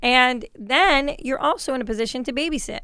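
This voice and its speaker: A woman's voice: sits high, sharp tone, smooth, no echo, studio quality. A woman comedian, a guest in a casual podcast chat, who talks bluntly, swears freely and laughs often. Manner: blunt, profane and quick to laugh.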